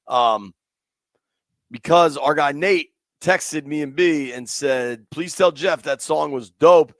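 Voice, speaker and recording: Easygoing sports radio host, slightly high voice. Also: male voice, takes it slowly, no room sound. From Washington, D.C. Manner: easygoing, rambling with fillers and restarts. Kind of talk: casual sports talk on a livestream.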